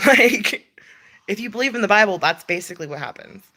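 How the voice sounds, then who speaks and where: A woman's voice: medium pitch, expressive, normal speed, sharp tone. A young adult woman hosting a casual livestream chat from home, rambling and swearing with frequent laughs. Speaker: livestream host.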